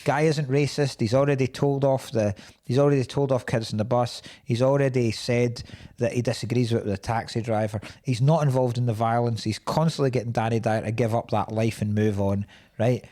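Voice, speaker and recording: A man's voice: medium pitch, steady tone, brisk, mellow. A man co-hosting a podcast, chatting casually about a film, laughing often and acting out quotes. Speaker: podcast co-host.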